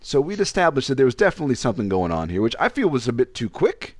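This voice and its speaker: A man's voice: very fast, no echo, studio quality. A young man casually telling a personal story on a podcast, acting out the lines of the people in it. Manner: animated, acts out quoted lines with pitch jumps.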